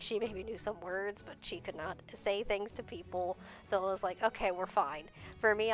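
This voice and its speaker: A young woman streamer telling a story in casual chat, exasperated and swearing often. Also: mid-range voice. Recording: dull lo-fi stream audio. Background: faint background music.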